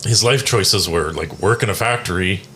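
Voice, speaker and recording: Lowish-voiced man, halting and restarting. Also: bright, forceful tone, a little hiss or hum. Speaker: roundtable co-host. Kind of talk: casual chat.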